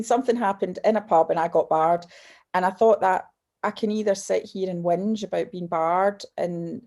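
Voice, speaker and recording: A Scottish woman in her fifties chats as an interview guest with a mellow, warm tone. She tells her stories in a lively way, cutting herself off and starting again as she goes. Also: on the low side, normal speed. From Scotland. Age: 50s. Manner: lively storyteller, self-interrupting and restarting. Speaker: guest, business mentor and author. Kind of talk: casual chat.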